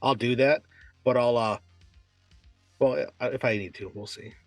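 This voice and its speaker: A man playing a tabletop game, talking in a relaxed, casual way. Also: medium pitch, unhurried, dry recording, soft background music. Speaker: player.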